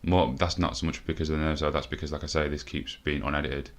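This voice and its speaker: A young man commentating a football video game live, a bit out of breath and swearing often, shouting when the action peaks. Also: very deep voice, fairly even intonation, fast. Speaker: gaming commentator.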